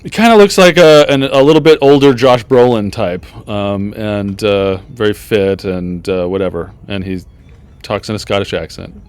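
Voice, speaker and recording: A man narrating as game master of a tabletop game, halting with many pauses and restarts. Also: fairly low pitch, steady tone, smooth. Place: backyard.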